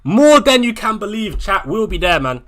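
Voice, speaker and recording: A man's voice: sits high, big pitch swings, moderate pace, fairly bright tone. A man streaming live to his viewers, anxious and swearing, repeating himself as he talks things over with chat. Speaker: fantasy football streamer.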